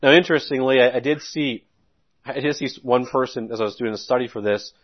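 A man preaching a sermon, reading scripture slowly and then explaining it in a conversational teaching tone. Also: mid-range voice, lo-fi sound.

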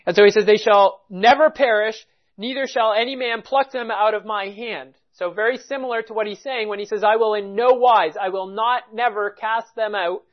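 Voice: medium pitch, steady tone, normal speed. A preacher giving an expository Bible sermon, reading scripture aloud and driving home each point by repeating it with emphasis. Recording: dull lo-fi recording.

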